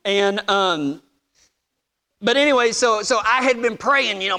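A man's voice: high-pitched, measured pace, bright, forceful tone. A man preaching a sermon, telling funny personal stories and acting out the voices in them with a self-deprecating humor.

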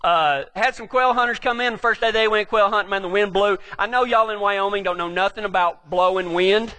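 A man's voice: high-pitched, a little fast, sharp tone. A middle-aged man with a West Texas accent, a cowboy preacher telling rambling, joking stories in a sermon to a live audience.

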